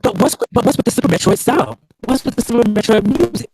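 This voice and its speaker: A man co-hosting a live stream, speculating eagerly about games in loose, quick bursts. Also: very high voice, a little mellow, slight background noise. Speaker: co-host of a live watch stream. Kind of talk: casual gaming chat.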